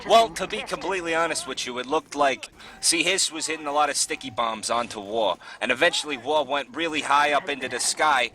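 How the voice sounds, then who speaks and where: A man giving live play-by-play commentary on a game, excitable, his voice jumping up during big plays. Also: on the high side, fairly quick. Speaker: esports caster.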